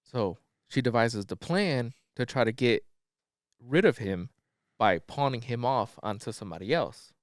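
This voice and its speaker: A man's voice: medium pitch, animated, a little slow, no room sound, studio quality. A man co-hosting a podcast, retelling a movie plot in a loose, profane, slangy storytelling style. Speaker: podcast co-host. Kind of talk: casual plot recap.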